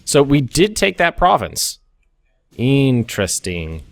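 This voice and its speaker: A young American man's medium-pitched voice swoops wildly in pitch as he speaks slowly, hosting a let's play of a strategy game. He thinks aloud casually with frequent restarts and asides. There is no echo, though faint music plays behind.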